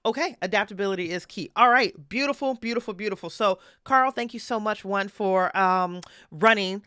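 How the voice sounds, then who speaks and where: A woman's voice: mid-range voice, moderate pace, bright, forceful tone, clean tone, no echo, clean studio sound. A woman hosting a live stream, chatting casually and laughing often. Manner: bubbly, laughs often, talks to her dog. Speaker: stream host.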